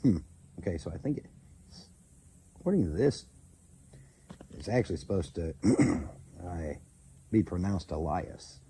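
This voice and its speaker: A man reads Bible passages aloud at an unhurried, deliberate pace, his voice dark and mellow. He stops to comment in plain speech and stumbles over names, correcting himself as he goes. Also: low-pitched, expressive, a little hiss or hum. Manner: slow, halting reading with self-corrections. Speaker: channel host reading scripture.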